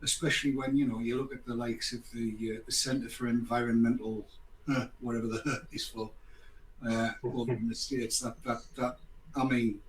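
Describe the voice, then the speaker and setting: An older man talks sarcastically as the host of a casual show, rambling and throwing in mock apologies. His voice sits at an everyday middle pitch. The room gives it a noticeable echo, with faint noise underneath. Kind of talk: casual podcast chat.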